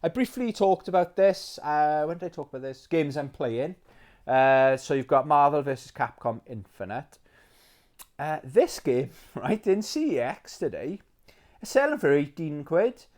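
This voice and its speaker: Male collector, excitable and rambling, talking casually to camera. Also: fairly high pitch. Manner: chatty and rambling, quick to get excited, full of fillers. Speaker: retro game collector. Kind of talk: casual video chat.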